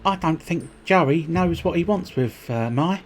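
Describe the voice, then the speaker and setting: A man's voice: on the high side, expressive, measured pace, slight background noise, pitched above the performer's own voice. Man putting on a cocky mock-Australian biker. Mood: boastful. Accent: mock Australian-Cockney. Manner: exaggerated, slangy, calls everyone mate. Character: cocky young male biker duelist, lovesick.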